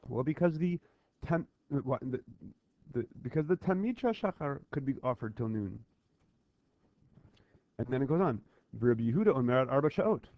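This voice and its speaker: A male teacher talking students through a worksheet on a Talmud text, with lively call-and-response drills and repeated checks for understanding. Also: medium pitch, moderate pace, pauses often. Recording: dull lo-fi voice recording.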